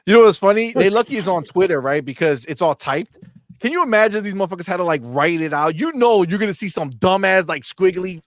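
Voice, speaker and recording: A brash man hosts a loose gaming chat in a fairly high voice, swearing freely and mocking his targets. He sometimes breaks into loud shouts. The sound is dry and close to the mic. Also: animated, quick pace, no echo. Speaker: podcast host.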